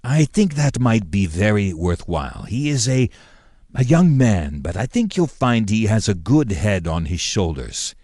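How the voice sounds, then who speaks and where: A man voicing a formal, indignant male governor who speaks in a measured way with pointed emphasis. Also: lowish voice, sing-song, a little mellow, dry recording, clean studio sound, full character voice.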